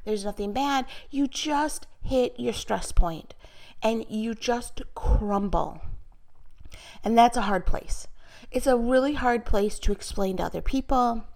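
A chatty middle-aged woman with a slightly high voice tells a personal story in a casual vlog. She sounds candid and pokes fun at herself as she shares a faith-based reflection. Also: takes it slowly, creaky, darkish tone. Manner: chatty and candid, with light self-mockery. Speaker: mother sharing a personal story.

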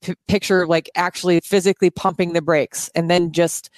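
Woman co-host, candid and self-mocking, lower pitch, dry close mic. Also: flat delivery, normal speed, no room sound. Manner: candid, laughs at herself, loses words. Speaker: podcast co-host. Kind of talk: casual chat. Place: indoors at her home.

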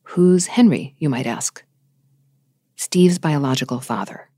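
A woman hosting a podcast, narrating the story and talking with her guest in a thoughtful, measured way. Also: sits low, warm tone, dry recording, clean studio sound. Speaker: podcast host. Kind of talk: host narration and conversation.

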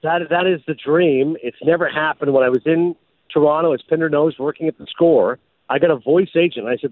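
A man's voice: fairly high pitch, a little fast, dry recording, narrow, tinny audio. A man, a former sportscaster, telling stories in a casual chat and slipping into an announcer voice now and then. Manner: animated storyteller, slips into announcer voice. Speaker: podcast host and former sportscaster.

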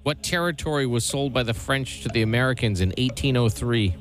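A man's voice: mid-range voice, a little fast, soft background music. A man co-hosting a radio show who teases the others and reads quiz questions. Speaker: radio co-host. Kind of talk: casual radio banter, reading quiz questions.

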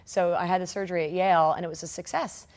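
Woman, forties, interview guest; lively storyteller who acts out other people's lines. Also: lowish voice, fast talker. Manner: animated, acts out quoted voices, laughs often. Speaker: guest, triathlete.

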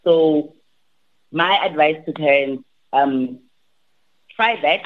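A woman, a language teacher, giving advice in an interview, animated and often restarting her sentences. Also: low voice, slow pace. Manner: animated, repeats and restarts, acts out quotes. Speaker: language academy teacher, guest. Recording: tinny phone-like line.

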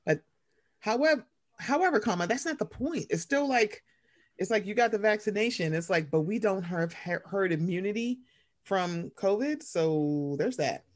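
Young woman on a podcast, rambly and animated, mid-pitch voice, does high squeaky impressions of her mom. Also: normal speed. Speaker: podcast co-host. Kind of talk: casual chat and reading a story aloud.

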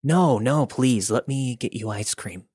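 A man's voice: mid-range voice, unhurried, a little mellow, breathy edge, dry recording. A man voicing a creepy, pushy middle-aged male stranger who keeps insisting in a wheedling way.

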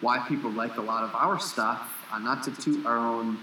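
Bright-voiced blunt man in an echoey room. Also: mid-range voice, normal speed, slight background noise. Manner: blunt, frank, swears casually. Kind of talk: casual conversational podcast. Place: lives in Costa Rica.

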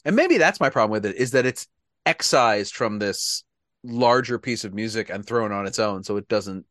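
A man's voice: lowish voice, expressive, moderate pace, a bit bright, dry recording, studio quality. A man hosting a podcast in casual chat, wry and talkative, laughing at his own jokes. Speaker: podcast host.

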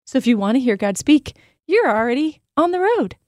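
A woman's voice: sits high, big pitch swings, a little fast, no echo, studio quality. A woman co-hosting a faith podcast, teaching in an upbeat, emphatic way and telling stories as she goes. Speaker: podcast co-host.

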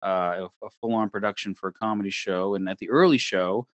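A man co-hosting a casual chat, a comedy show producer who is also a sports official, easygoing and measured. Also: lowish voice, steady tone, dry recording.

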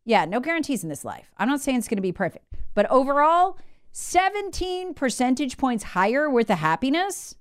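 A woman's voice: high voice, moderate pace, clear, resonant tone, no room sound, clean studio sound. A woman hosting a talk show, delivering an emphatic, opinionated monologue and reading out listener comments. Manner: animated, conversational, emphatic.

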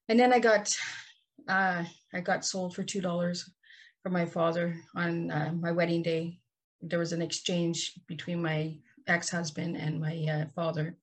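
Female guest, husky tone, earnest and heartfelt personal storytelling. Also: fairly low pitch. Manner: earnest, heartfelt, slow and deliberate. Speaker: podcast guest.

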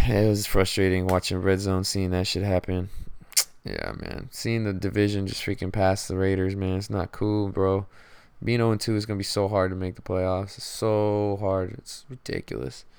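A man's voice: low-pitched, level tone, normal speed, gravelly, darkish tone, smooth. A young man hosting a podcast, talking casually and ranting about sports, swearing constantly and calling people "man". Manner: profane, frustrated rambling with frequent "man". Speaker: podcast host.

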